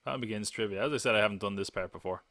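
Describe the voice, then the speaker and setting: A man's voice: fairly low pitch, rapid-fire, a bit bright, no echo. A man hosting a live podcast in a casual chat, rambling and joking and laughing often. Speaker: podcast host.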